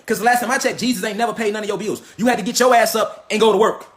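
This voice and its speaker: A man delivering a profane, animated monologue, mocking and heated, full of rhetorical questions. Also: high-pitched, racing. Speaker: host of a lecture channel.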